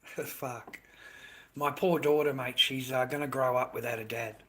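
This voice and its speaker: A man's voice: medium pitch, fairly even intonation, a little slow, fairly bright tone. An Australian man livestreaming, rambling in casual chat, swearing constantly and ending his lines with "mate".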